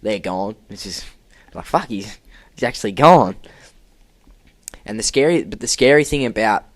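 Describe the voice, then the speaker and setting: A young man telling an animated work story on a podcast, acting out quotes and laughing often. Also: lowish voice, moderate pace, dry recording. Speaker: podcast co-host. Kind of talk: casual storytelling.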